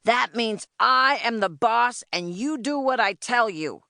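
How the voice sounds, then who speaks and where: A woman voicing a loud, bossy, stout man in charge, gruff and barking threats and orders in an audiobook. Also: on the high side, lively intonation, measured pace, no room sound, studio quality, voice pushed up, heavily acted. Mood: bossy shouting. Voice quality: gruff, shouting.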